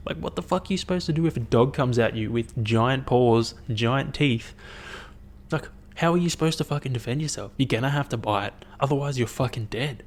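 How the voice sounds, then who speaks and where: A young man hosting his own podcast, chatting in a rambling, profane, animated way as he tells stories. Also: medium pitch, a little fast. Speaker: podcast host. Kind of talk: casual solo podcast chat.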